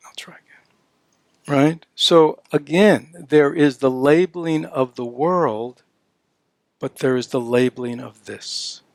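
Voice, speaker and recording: A man's voice: mid-range voice, takes it slowly, creaky, no echo. An older man giving a dharma talk at a retreat, conversational and full of "you know" and "right?", now and then voicing playful baby-talk examples. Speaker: Buddhist dharma teacher.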